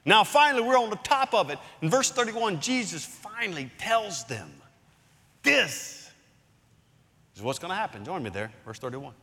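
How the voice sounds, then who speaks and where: Male pastor, slightly high bright voice, expository sermon with emphatic pauses in a church sanctuary. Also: very animated. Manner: expository Bible teaching, emphatic dramatic pauses. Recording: long hall reverb.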